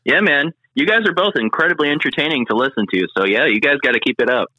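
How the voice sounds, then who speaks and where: A man's voice: mid-range voice, quick pace, sharp tone, no echo, dull audio. A man with a Michigan accent, a podcast guest chatting easily and laughing often. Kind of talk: casual interview chat.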